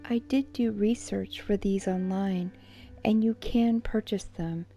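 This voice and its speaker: Lady whispering true crime asmr, slow and soft, mellow tone. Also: medium pitch, fairly even intonation, soft background music. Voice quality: unvoiced whisper. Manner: soft-spoken, measured storytelling.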